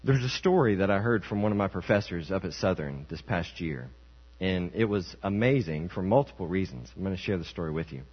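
A man's voice: low voice, lively intonation, brisk. Young male preacher in a reverberant hall. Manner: storytelling, acts out quoted voices. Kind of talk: sermon. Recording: muffled church hall with mains hum.

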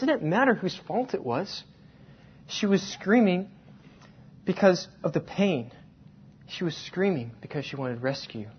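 A man preaching a sermon, telling a personal story and slowing down to stress key words. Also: sits high, expressive, breathy edge. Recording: dull lo-fi sound.

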